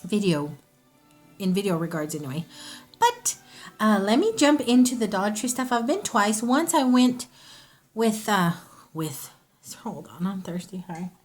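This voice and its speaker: A woman's voice: medium pitch, very animated, measured pace, faint music behind. A woman, a mother, chatting casually to camera in a rambling haul video, often stopping to correct herself. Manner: chatty, rambling, self-interrupting. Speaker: vlogger.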